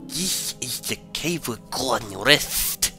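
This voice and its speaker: A man voicing a weary, stranded male rock creature from a game, reading its lines slowly and plodding. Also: medium pitch, lively intonation, creaky, pushed and bright, soft background music, voice pushed up, exaggerated voice, poor audio. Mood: glum.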